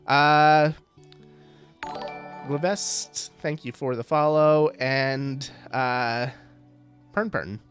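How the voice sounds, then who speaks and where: A man's voice: mid-range voice, steady tone, very slow, pauses often, a bit bright, smooth, soft background music. A man streaming a game live, chatting casually and greeting viewers, with many fillers. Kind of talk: casual livestream chat.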